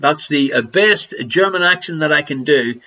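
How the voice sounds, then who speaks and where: A man's voice: a little high, expressive, normal speed, pushed and bright, highs cut off. A man with an Irish accent hosting a live online quiz, jokey and teasing, laughing between questions. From Ireland. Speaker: quiz host.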